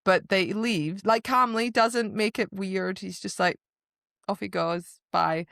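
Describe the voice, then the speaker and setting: A woman co-hosting a podcast, chatting casually about a book and acting out the characters' lines in quick asides. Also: medium pitch, vocal fry, a bit bright, no echo, clean studio sound. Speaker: podcast co-host.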